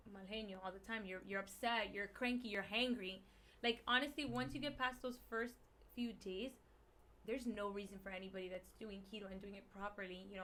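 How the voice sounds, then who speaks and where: A woman with a Miami Spanish-English accent, a guest explaining diet in a casual podcast chat, animated and emphatic with slang. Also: medium pitch, a little hiss or hum. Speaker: guest, keto meal business owner.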